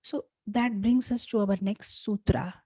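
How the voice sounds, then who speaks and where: A woman, a spiritual teacher, telling scripture stories in a talk, animated, with frequent "you know" fillers. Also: medium pitch, a little slow, husky, no echo.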